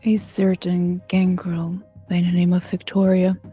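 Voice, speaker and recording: A woman voicing a calm, guarded vampire elder in a tabletop game, speaking in a slow, measured, flat way. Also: fairly low pitch, husky, faint music behind.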